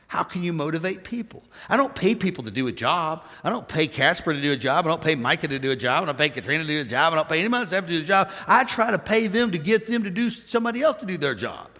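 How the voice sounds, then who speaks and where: A man's voice: on the high side, big-room sound. A man preaching a conversational sermon as pastor, telling stories and acting out other people's lines. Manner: storytelling, animated quoting of others.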